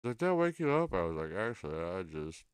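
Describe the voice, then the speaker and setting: A man hosting a casual late-night podcast chat, tired and a little drunk, repeating himself and trailing off quietly. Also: low-pitched, very animated, fast, clear, resonant tone, no echo, clean studio sound. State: sleep-deprived and tipsy. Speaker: podcast host.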